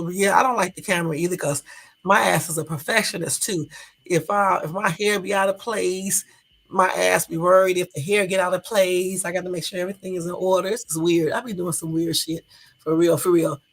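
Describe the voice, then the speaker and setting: A woman's voice: on the low side, steady tone, fairly quick, husky. A middle-aged woman hosting a casual livestream chat, rambling and chatty with plenty of swearing, answering viewers' comments as she goes. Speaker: livestream host.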